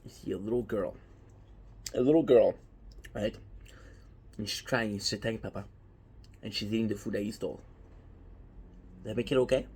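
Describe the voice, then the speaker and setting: A man talking casually and with energy, his voice a little husky and grainy. He keeps stressing his points and asking rhetorical questions as he speaks straight to his audience. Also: lowish voice, moderate pace, pauses often. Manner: animated, emphatic, with repeated rhetorical questions. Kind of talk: casual anime talk to viewers.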